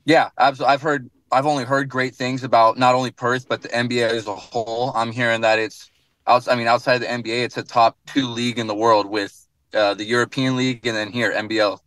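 A man's voice: mid-range voice, level tone, a little fast, a bit bright, dry recording. A young man with an American accent, sitting in his car and answering questions as a guest on a radio show, friendly and laid-back. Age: young adult. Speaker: guest basketball player. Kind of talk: radio interview from afar.

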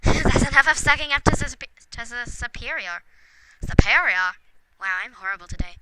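A chatty woman with a slightly high voice talks her way through a video game, coaxing the characters as she goes. Steady background noise and clicking run under her voice. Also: normal speed. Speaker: let's play gamer. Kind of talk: casual gameplay commentary.

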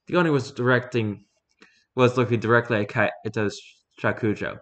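A man narrating a story in a measured, low voice and performing the characters himself. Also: fairly bright tone.

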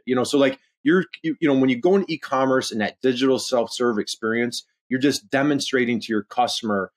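Male podcast guest, mid-pitched, enthusiastic and rambling. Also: fairly quick, hardly any pauses. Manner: enthusiastic, rambling, heavy use of "you know" and "uh". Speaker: podcast guest, e-commerce consultant. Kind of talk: conversational interview.

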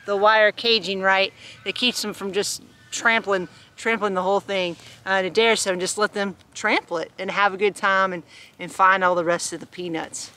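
A woman's voice: mid-range voice, fairly even intonation, normal speed, sharp tone. A woman reading a picture book aloud outdoors on a farm, chatting in giggly asides between the pages. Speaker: storytime reader on a farm. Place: outdoors on a farm by a hay bale with animals.

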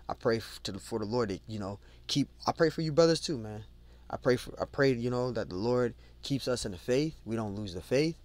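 A Bible teacher with a medium-pitched voice leads an informal study, reading scripture aloud slowly and then listing word meanings. He talks it over conversationally, repeating and restarting words, adding "you know," and calling his listeners "man."

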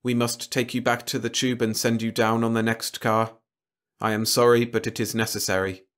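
A man voicing a calm, formal robot leader who speaks in a flat, measured, polite way, a little higher than his own voice. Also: lightly acted. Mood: cold, formal.

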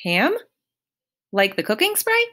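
A woman voicing a blunt, joking boy, asking wry, offhand questions in a slow storybook reading. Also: on the high side, wildly swooping pitch, pushed and bright, voice pushed up, full character voice.

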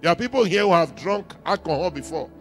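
A man's voice: fairly high pitch, animated, fast talker, fairly bright tone, soft background music. A man with a Nigerian accent preaching a sermon in church, emphatic, repeating key lines and calling for the congregation to answer. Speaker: pastor.

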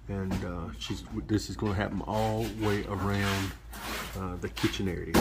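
Low-voiced man showing kitchen work. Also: slight background noise. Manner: plainspoken, explaining step by step with fillers. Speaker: vlog co-host, pastor. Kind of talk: casual home-remodel vlog walkthrough. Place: indoors in a kitchen.

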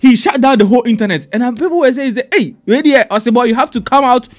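A man hosting, chatty and excitable in casual commentary. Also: extremely high pitch, fast talker. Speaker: show host.

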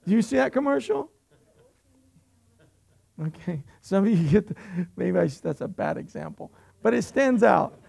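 A man's voice: sits high, big pitch swings, moderate pace, gravelly, long pauses, a little mellow. A middle-aged man preaching a sermon as pastor, with humor and frequent rhetorical questions to the congregation.

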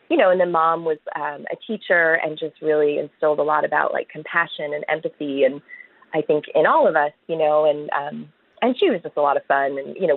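A woman from Chicago talks through a tinny, dry phone line, her voice husky from an early morning and set rather low. She chats easily and tells stories, with plenty of ums and you-knows. It sounds like a guest calling in to a talk show. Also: dry recording. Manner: chatty, warm storytelling with frequent fillers. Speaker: singer-songwriter guest. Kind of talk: casual interview chat.

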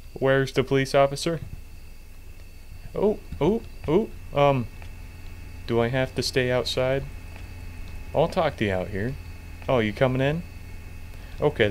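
A man's voice: medium pitch, slight background noise. Brief: male gamer, mid-range voice, sarcastic and jokey commentary. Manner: sarcastic, joking, swears casually. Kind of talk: game commentary.

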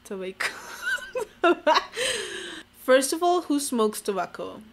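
A young woman with a touch of vocal fry talks casually to camera, wry and self-deprecating. She is from Mexico and peppers every thought with "like". Her voice sits at an ordinary middle pitch for a woman. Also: measured pace. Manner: sarcastic, self-mocking, heavy use of "like". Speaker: vlogger.

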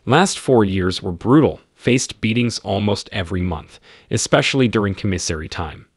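Husky low-voiced man, dry narration. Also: dry recording. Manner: terse, clipped, matter-of-fact telling. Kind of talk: scripted first-person narration.

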